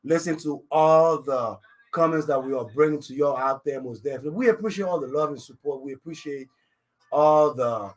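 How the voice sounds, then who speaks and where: A man from Africa with a French accent hosts a live radio show from a studio mic. His voice sits a little above the usual male pitch. He rambles in a jokey, self-assured way, tying every thought together with casual filler phrases. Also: a little fast. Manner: rambling, constant "you know what I'm saying" fillers; confident, jokey. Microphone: studio microphone.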